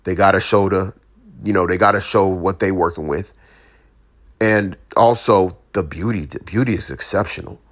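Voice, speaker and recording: A man's voice: deep voice, normal speed. A man giving his opinions in a casual, slangy monologue, full of restarts and asides to the listener. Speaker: commentator.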